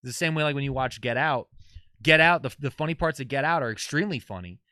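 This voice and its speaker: A man in casual podcast chat, retelling sketches and jokes in an animated, rambling way. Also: mid-range voice, fast, smooth, dry recording, studio quality. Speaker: podcast talker.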